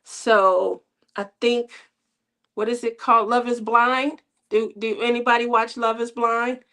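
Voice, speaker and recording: A woman's voice: on the high side, level tone, a little slow, a bit bright. A middle-aged woman hosting a crafting channel, chatting casually with viewers in a rambling way and laughing often.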